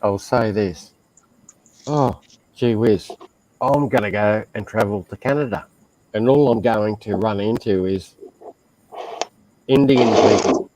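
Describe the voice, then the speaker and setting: A man's voice: on the low side, measured pace, pauses often, background noise. A man with an Australian accent chatting casually on a stream, telling stories in a blunt, profane way. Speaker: stream host. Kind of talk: casual chat.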